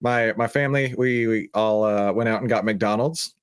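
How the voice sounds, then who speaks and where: A man's voice: fairly low pitch, normal speed, clear, resonant tone, dry recording, studio quality. Upbeat man hosting a livestream. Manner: excited, chatty, reads viewer comments aloud. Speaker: show host. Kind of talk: casual livestream commentary.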